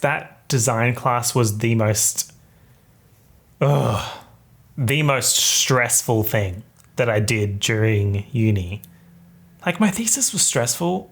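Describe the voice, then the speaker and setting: Chatty young man telling stories. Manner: chatty and animated, with big pitch jumps when telling stories. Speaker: podcast host. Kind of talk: casual solo podcast chat.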